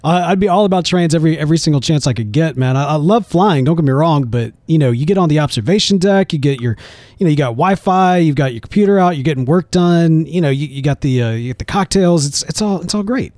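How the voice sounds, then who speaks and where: Brief: American male podcast co-host, easygoing and chatty, slightly higher voice, dry studio sound. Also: lively intonation, fast talker, a little mellow, dry recording. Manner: laid-back, says "man" a lot. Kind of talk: casual podcast chat.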